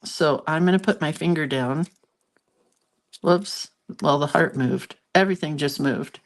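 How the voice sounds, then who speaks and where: A woman with a voice that sits low speaks at a measured pace while hosting a casual crafting demo. She's sniffly and congested, chatty and self-deprecating, laughing at herself as she works.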